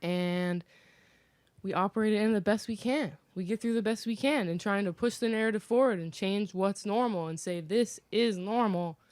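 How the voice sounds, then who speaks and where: A woman's voice: medium pitch, normal speed, darkish tone, dry recording. A woman guest on a podcast who speaks earnestly and thoughtfully, with a lot of filler words. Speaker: podcast guest, cannabis event founder. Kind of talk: casual podcast chat.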